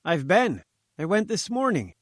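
A fat little pushy reporter , as a male narrator puts him on, sputters in a high, strained voice. He talks back with cheek and indignation. The sound is dry and close. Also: moderate pace, dry recording, natural voice. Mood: cheeky.

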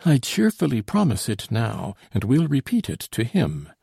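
A man's voice: medium pitch, wildly swooping pitch, moderate pace, creaky, warm tone, breathy edge, no echo, studio quality, voice pushed up, heavily acted. A man reading an audiobook, voicing a grateful aristocratic father near fifty who speaks fervently and formally. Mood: earnest. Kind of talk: audiobook character voice.

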